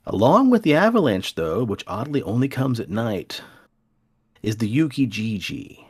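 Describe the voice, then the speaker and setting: A man's voice: mid-range voice, big pitch swings, normal speed, slightly rough. Playful, dramatic male podcast storyteller. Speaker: podcast host.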